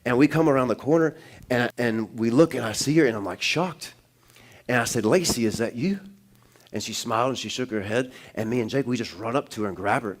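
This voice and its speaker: A man preaching in a church, telling a personal story in a relaxed, conversational way with restarts, then building to loud, emphatic preaching. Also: mid-range voice, a little fast. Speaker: pastor. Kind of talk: sermon.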